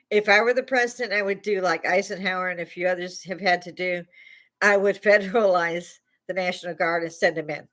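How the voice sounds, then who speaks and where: A woman's voice: medium pitch, a bit bright. An older woman from Chicago with a Chicago accent, hosting a live stream and ranting bluntly, with plenty of swearing. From Chicago, United States. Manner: blunt, profane, heated ranting. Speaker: livestream host. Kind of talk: opinionated live rant.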